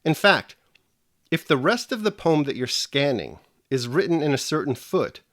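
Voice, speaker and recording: A man teaching a scripted video lesson in a lively voice that climbs and dips a lot. He explains each step in a measured way and speaks right to the viewers. The recording is dry and close, with no room sound. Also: on the high side, no echo.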